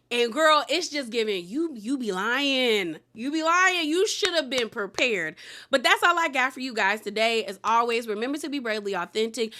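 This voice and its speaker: A woman's voice: a little high, pushed and bright. A woman giving a casual, sassy recap of a reality TV episode, retelling the scenes in quoted voices and laughing now and then.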